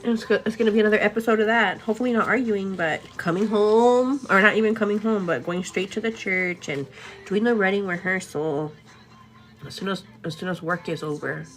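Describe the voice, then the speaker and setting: With faint music behind her, a young woman speaks a little fast in a mid-range voice as she chats through a story for her audience. Tired and overwhelmed, she still laughs frequently and acts out what both people in the argument said.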